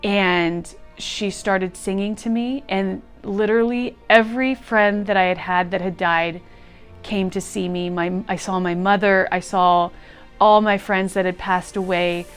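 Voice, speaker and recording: A woman's voice: mid-range voice, steady tone, unhurried, clean tone, soft background music. Woman guest, heartfelt storytelling, voice moved and sincere. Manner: emotional, earnest, laughs through tears. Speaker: guest sharing a retreat testimonial. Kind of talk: personal storytelling.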